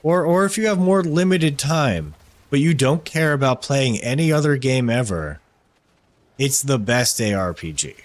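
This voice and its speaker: A man's voice: medium pitch, lively intonation, normal speed. A man streaming a game, chatting casually with his viewers and friend, rambling and swearing, joking at his own expense. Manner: rambling, profane, self-deprecating. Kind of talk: casual gaming stream chat.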